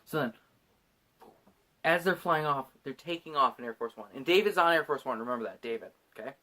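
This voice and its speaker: A man hosting a podcast, drunk, recapping a movie in a rambling, swearing, animated way. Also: medium pitch, a little fast. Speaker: podcast host.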